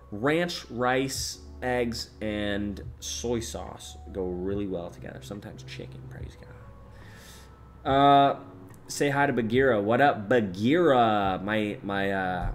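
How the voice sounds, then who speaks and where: A young man casually chatting on a live stream, reading out chat messages, joking around and swinging between low mumbles and loud excited bursts. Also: slight background noise.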